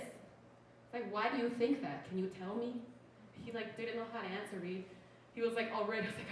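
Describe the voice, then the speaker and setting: A woman's voice: a little high, fairly quick. A young woman from Utah doing a stand-up comedy set, chatty and sarcastic, with "like" in almost every sentence. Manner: chatty, sarcastic, says "like" constantly. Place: small comedy show venue. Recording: echoey room from far off with noise.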